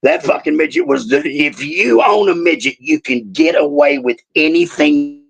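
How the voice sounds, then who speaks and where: Gravelly, profane man. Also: on the high side, sing-song, normal speed. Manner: profane, rowdy storyteller. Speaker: wrestling guest. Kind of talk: casual storytelling chat.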